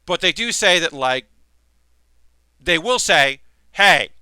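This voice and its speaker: Male streamer host, casual rambling chat, bright crisp voice, dry close mic. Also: fairly high pitch, animated, slow, dry recording. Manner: rambling, lots of fillers and restarts. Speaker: streamer hosting a building stream.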